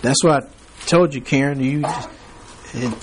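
A man's voice: mid-range voice, unhurried, background noise. A man teaching a Bible class, reading scripture aloud and prompting the class to fill in the words, with chuckling asides.

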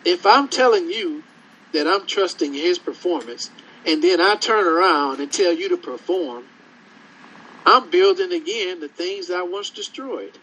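A man preaching a sermon, slow and conversational, acting out scripture dialogue and drawing answers from the congregation. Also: high voice, expressive, a bit bright, rough recording.

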